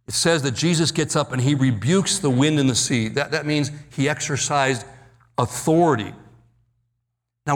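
A man preaching a sermon, dramatically acting out Bible quotes and slowing down to stress key words. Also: mid-range voice, long reverb tail. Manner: dramatic, acts out Bible quotes, slows for emphasis. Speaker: pastor.

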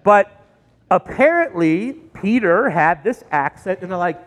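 A middle-aged man preaching a sermon in a church, telling the story with lively, acted-out quotes. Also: high voice, unhurried, in a large hall. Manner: animated storytelling, acting out quoted voices. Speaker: pastor. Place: church sanctuary.

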